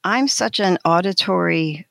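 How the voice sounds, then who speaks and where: A woman from Philadelphia with a Philly accent, co-hosting a podcast in a bawdy, playful, animated way. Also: on the low side, a little slow, creaky, no echo. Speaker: podcast co-host. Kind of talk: casual podcast chat.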